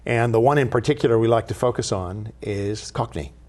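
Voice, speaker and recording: Brief: male TV host, living historian, mid-pitched, measured and explanatory. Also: a little mellow. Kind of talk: studio TV talk.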